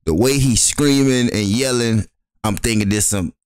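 Young male podcast co-host, mid pitch, spins a rowdy story full of laughs and put-on voices, close dry mic. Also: normal speed, clean tone, dry recording. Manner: loud, laughing, acts out voices in his stories. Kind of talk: animated storytelling.

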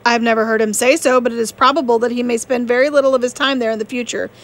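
A woman reading the part of a proud, reserved young gentleman in an audiobook, terse and formal. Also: on the high side, steady tone, racing, lightly acted.

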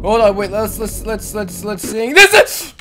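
Jumpy let's-play host, shrieky and animated. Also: mid-range voice, measured pace. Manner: jumpy, shrieks and repeats words in panic. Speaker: gaming channel host. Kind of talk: panicked let's-play commentary. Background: game music.

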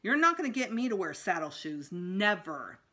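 A woman's voice: mid-range voice, big pitch swings, moderate pace, bright, forceful tone. A woman voicing a wry, put-upon fourth-grade boy in a storybook reading. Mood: protesting.

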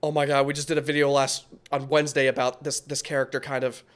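A man hosting a reaction video in casual commentary, excitable and rambling, often stumbling over his words. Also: medium pitch, fast talker.

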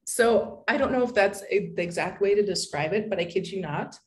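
A woman's voice: medium pitch, brisk, a little mellow, poor audio. An American woman, a content writer, chatting casually as a podcast guest and peppering her talk with "like". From United States. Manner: chatty, peppers speech with "like", acts out quoted voices. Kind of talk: casual interview chat.

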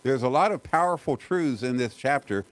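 A middle-aged man preaching a sermon as pastor, talking earnestly and conversationally, with rhetorical questions and frequent restarts, slowing down to stress key phrases. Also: mid-range voice, expressive, rough recording.

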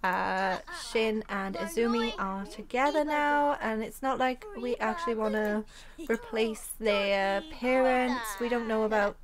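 A woman's voice: a little high, a little slow, a crowd in the background. A young woman hosting a gaming channel, chatting casually through a life-sim playthrough and laughing easily. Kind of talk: casual let's-play narration.

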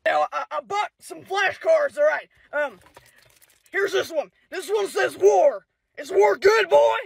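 A woman's voice: very high voice, measured pace, vocal fry, full character voice. A woman voicing a war-crazed male drill sergeant who bellows and barks orders, with crowd noise behind her. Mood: bellowing.

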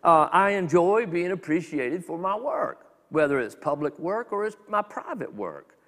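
A man preaching a sermon as a minister, talking in a conversational, animated way with quick acted asides. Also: sits high, big-room sound. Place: church sanctuary.

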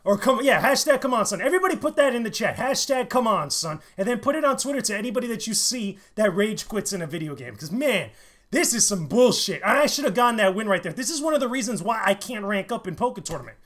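A man streaming a fighting game live, commentating and trash-talking with loud excited bursts. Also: sits high, fast.

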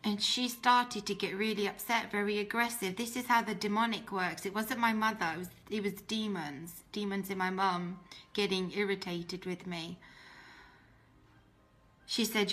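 A woman's voice: mid-range voice, steady tone, normal speed, a bit bright. A woman telling her personal faith testimony in an earnest, emotional way, often restarting her sentences. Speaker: testimony speaker.

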